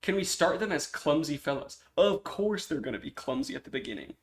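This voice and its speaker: Chatty young man streaming, fairly high voice. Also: expressive, brisk, a little hiss or hum. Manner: chatty, stops himself mid-sentence, often clears his throat. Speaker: streamer and indie comic maker. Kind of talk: casual live-stream chat.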